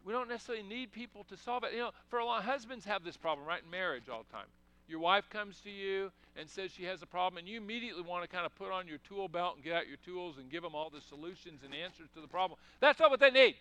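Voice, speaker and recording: A man's voice: sits high, pushed and bright, clean tone, no room sound. A man preaching a sermon in a conversational way, asking the congregation questions and breaking into emphatic bursts. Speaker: pastor.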